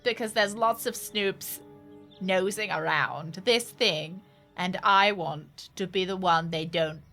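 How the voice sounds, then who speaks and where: An eager male explorer with a broad put-on Australian accent, as a woman reads his letter aloud, drawling each phrase slowly and loudly. Faint game music plays behind. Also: on the low side. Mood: boastful. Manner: slow, loud, drawn-out reading aloud.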